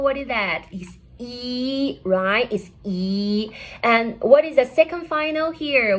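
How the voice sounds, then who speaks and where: Slow, high-voiced woman teaching pinyin. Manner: repetitive, drilling each point with "okay?". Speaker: Chinese language teacher. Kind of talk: classroom lesson on pinyin.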